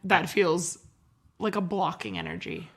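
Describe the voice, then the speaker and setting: A woman's voice: on the low side, big pitch swings, measured pace, husky. A woman co-hosting a podcast in playful casual chat, giggling and bantering. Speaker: podcast co-host.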